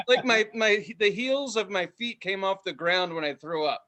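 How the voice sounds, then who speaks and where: A man in his thirties, hosting a casual podcast and telling a story with loud voices and plenty of swearing. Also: high voice, a little fast, few pauses. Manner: animated, profane, does loud voices in his stories. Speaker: podcast host.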